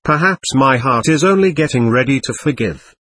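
A man's voice: medium pitch, expressive, moderate pace, a bit bright, no room sound. Man voicing a proud, volatile young woman. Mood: brooding. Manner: mood swings between tenderness and scorn.

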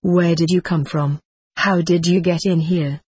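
A woman reading the lines of an amused, friendly male starship crewman in a spoken story, with a breathy edge and close, dry sound. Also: on the low side, fairly even intonation, measured pace, a little mellow, no room sound. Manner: emphatic, commanding.

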